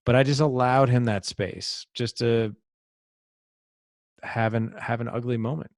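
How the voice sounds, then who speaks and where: A man's voice: medium pitch, fairly even intonation, measured pace, no echo, studio quality. A middle-aged man, a podcast guest, telling a personal story in an earnest, reflective way and sometimes repeating words as he thinks. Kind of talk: conversational storytelling.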